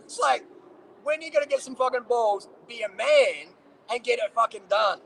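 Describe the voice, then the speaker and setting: A man's voice: extremely high pitch, normal speed, creaky, a bit bright, a little hiss or hum, low-quality recording. A man, a cycling vlogger answering viewer questions casually in a blunt, swearing, ranting way.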